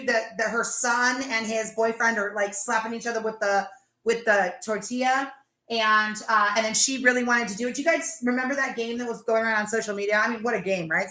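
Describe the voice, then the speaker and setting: A woman hosting a casual live chat, talking fast and laughing as she tells stories. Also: on the high side, fairly bright tone, echoey room. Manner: chatty, laughing, tells stories with acted-out quotes. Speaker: livestream host.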